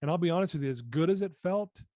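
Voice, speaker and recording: A man guest on a podcast, earnestly telling a personal story and often dropping his voice low. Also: animated, fast talker, warm tone, no room sound. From United States. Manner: earnest, reflective, often drops voice.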